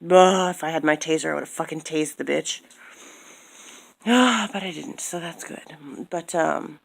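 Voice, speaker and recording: Low-voiced woman ranting angrily. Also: measured pace, gravelly. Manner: heated, profane, repeats herself. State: tired. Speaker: vlogger. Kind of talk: angry personal rant.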